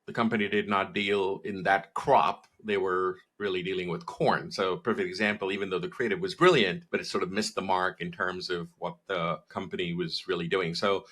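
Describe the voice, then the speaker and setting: Deep-voiced guy in an interview, bright forceful tone, steady with lots of "you know". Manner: measured, frequent "you know" fillers. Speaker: marketing agency guest. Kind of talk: interview answers, advice.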